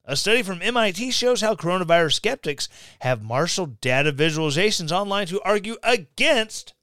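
A man with a high, lively voice hosts a podcast, reading an article aloud and cutting in with sarcastic remarks. His tone is smooth and clear. The sound is dry and close, with no room echo. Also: fairly quick, hardly any pauses. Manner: sarcastic, reads articles aloud with mocking asides. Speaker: podcast host. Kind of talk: casual commentary.

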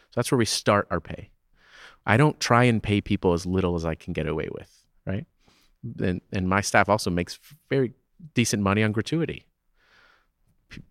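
A man in his thirties speaks in a very deep voice as a guest on an interview podcast. He argues his points emphatically, often checking in with "right?". The recording is dry and close, with no room sound. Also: no room sound. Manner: emphatic, keeps asking "right?" to drive points home. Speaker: theater owner and festival director guest. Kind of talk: conversational interview.

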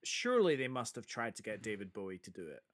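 A man's voice: fairly low pitch, very animated, quick pace, slight background noise. A man in casual chat about a film, eagerly quoting its lines. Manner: enthusiastic, quotes film lines with relish.

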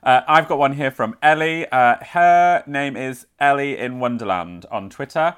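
A man's voice: medium pitch, a little slow, a bit bright, clean tone. A man co-hosting a podcast, chatty and self-mocking, dropping to a murmur as he tells stories. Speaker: podcast co-host. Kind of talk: casual chat, reading listener messages.

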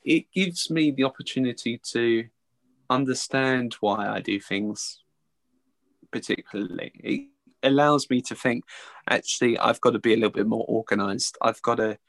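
A man answers interview questions about his work as an early educator, speaking earnestly and often restarting his sentences. His voice carries a gravelly, creaky texture, and it sounds dry and close with no room echo. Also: mid-range voice, fairly bright tone. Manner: earnest, halting, with many restarts.

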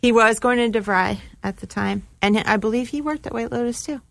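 A woman's voice: on the high side, a little fast, gravelly, no echo. A woman from New Jersey, a guest chatting in a laid-back way and telling stories. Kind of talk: casual storytelling.

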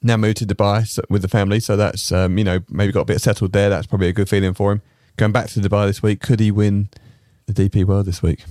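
A man's voice: fairly low pitch, level tone, fast, few pauses, dark tone, no echo, clean studio sound. A man hosting a casual golf podcast, chatty and rambling with lots of fillers. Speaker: podcast host.

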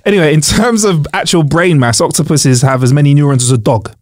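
A man's voice: fairly high pitch, brisk, no echo, clean studio sound. A man chatting casually on a podcast, laughing often and explaining facts playfully. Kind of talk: casual chat.

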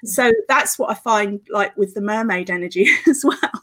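A middle-aged woman, a guest on a podcast interview, telling her story in a flowing, earnest way with quick laughs. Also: mid-range voice, sharp tone. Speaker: guest, author and festival organiser.

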